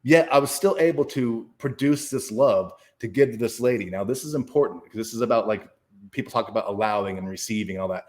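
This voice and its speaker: A man's voice: lowish voice, fast talker. A man talking as a guest in an interview, telling a personal story in a casual, profane, emphatic way with many restarts. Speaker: guest speaker and author.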